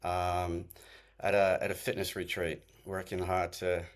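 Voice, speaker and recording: A man speaking as an interview guest, talking in a halting way with restarts and fillers, calling in remotely. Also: low-pitched, little pitch movement. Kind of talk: conversational interview. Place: remote call.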